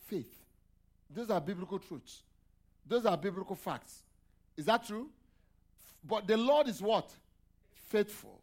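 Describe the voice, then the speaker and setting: Male pastor mid-sermon, a bit high, keeps asking the church to fill in the word, lots of hallelujah. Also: expressive, slow, long pauses. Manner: call-and-response questions to the congregation; frequent hallelujahs and amens.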